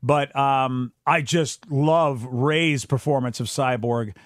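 Slow and fairly even in intonation, a medium-pitched male podcast co-host chats casually, rambling with lots of fillers and restarts. The audio is studio quality, with no room sound.

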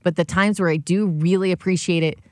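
Young female co-host, lowish voice, chatty and animated, dry studio mic. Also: fairly quick, no room sound. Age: young adult. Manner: chatty, animated, laughs often. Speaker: radio co-host. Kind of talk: casual talk radio chat.

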